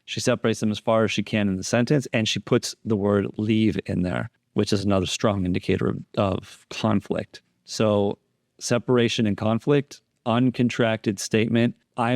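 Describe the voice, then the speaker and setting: Methodical man with a low voice. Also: gravelly, a little mellow, no echo, studio quality. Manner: methodical, repeats key phrases for emphasis. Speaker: deception analysis instructor. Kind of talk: explanatory lecture over interrogation footage.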